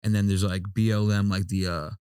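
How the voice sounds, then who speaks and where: A man's voice: on the low side, flat delivery, brisk, mellow, clear, resonant tone, no echo, clean studio sound. A man co-hosting a podcast, talking in a loose, slangy, laid-back way full of asides. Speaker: podcast co-host. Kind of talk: casual chat.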